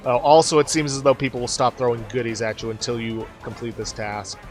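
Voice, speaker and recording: A man's voice: medium pitch, fairly even intonation, a little fast, music in the background. A man hosting a let's play, explaining the game step by step as he plays. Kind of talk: casual game commentary.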